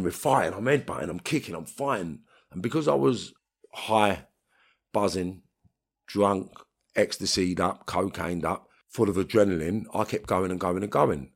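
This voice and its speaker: A middle-aged man with a London accent, telling blunt streetwise stories as an interview guest. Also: lowish voice. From England. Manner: blunt streetwise storytelling, swearing, acts out voices in quotes. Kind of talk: storytelling in an interview.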